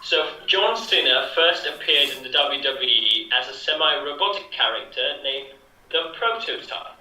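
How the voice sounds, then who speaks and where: A man's voice: medium pitch, lively intonation, moderate pace, pushed and bright. A man on a video call, sharing a fact as a contestant in a wry way. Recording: echoey room, far from mic.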